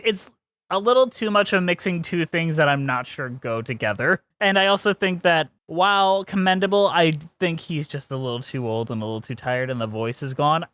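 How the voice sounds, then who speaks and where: Higher-voiced man, opinionated podcast co-host. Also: fairly bright tone, no room sound. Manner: opinionated, laughs often, quick vocal mimicry. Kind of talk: casual chat.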